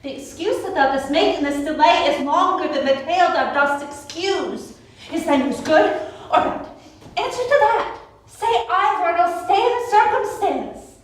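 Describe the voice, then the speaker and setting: Woman playing a young girl in love, very high voice, impatient and begging, far echoey mic. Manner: impatient, pleading. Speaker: stage actor. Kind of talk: live outdoor Shakespeare performance. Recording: echoey, distant camera mic, faint noise.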